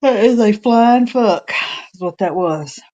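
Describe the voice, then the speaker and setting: A woman's voice: medium pitch, expressive, a little slow, mellow, muffled recording. A woman co-hosting a casual livestream chat, joking and laughing. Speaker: co-host.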